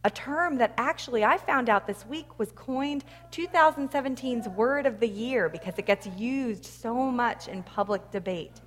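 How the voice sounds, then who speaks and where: A woman's voice: fairly high pitch, moderate pace, few pauses. A woman preacher giving a sermon, telling stories and acting out quoted lines with energy. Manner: animated storytelling, acts out quoted lines loudly. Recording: long reverb of a large hall.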